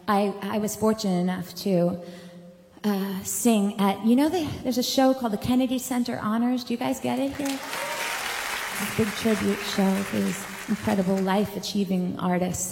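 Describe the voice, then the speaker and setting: A woman from Long Island with a Long Island accent, a singer telling a comic anecdote to an audience, lively and self-mocking with chatty asides. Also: medium pitch, normal speed, gravelly, in a large hall, some chatter behind. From Long Island, New York.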